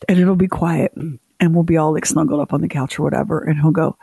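A woman co-hosting a radio show, telling stories in a lively, teasing way with mock voices. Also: low-pitched, fast talker, gravelly, breathy edge, no room sound. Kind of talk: casual radio chat.

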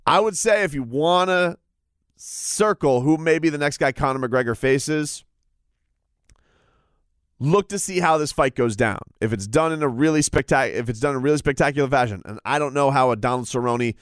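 A man's voice: medium pitch, normal speed, clear, resonant tone, dry recording, studio quality. A man casually discussing combat sports in a rambling way, with frequent restarts. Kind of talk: casual chat.

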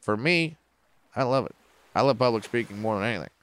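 A man who is a comedian and a podcast guest, telling stories in a casual, profane and animated way. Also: medium pitch, fairly quick, smooth.

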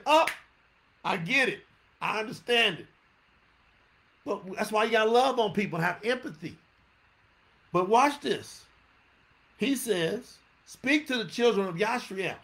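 A man teaches a sermon. He talks in an animated, conversational way, often stopping to ask his listeners questions. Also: sits high. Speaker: preacher.

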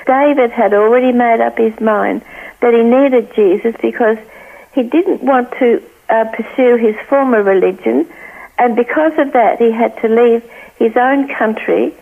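An older woman from Australia tells her story down a phone line that sounds tinny and thin. Her voice sits a little high with a gravelly, creaky edge. She tells it earnestly and brings each quoted voice to life. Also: measured pace. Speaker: guest. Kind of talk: telling a personal story.

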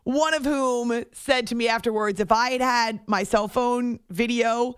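A woman hosting a sports radio show, telling a story on air in a chatty, animated way that often breaks off mid-sentence. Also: fairly high pitch, a little slow, clean tone, no echo, studio quality. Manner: chatty, animated, self-interrupting. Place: radio studio. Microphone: studio microphone.

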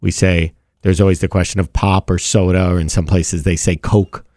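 A man's voice: deep voice, flat delivery, normal speed, no echo, studio quality. A man hosting a casual radio chat and trading jokes with a co-host. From Wisconsin. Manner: chatty, laughs along, bursts into a loud mock New York voice.

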